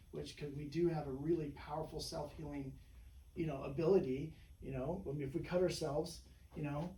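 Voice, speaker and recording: A man's voice: on the high side, mellow. A man who works as a chiropractor, telling patient stories in a casual interview and rambling with lots of "you know" and "right?". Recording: echoey room, mic at a distance, faint background hum.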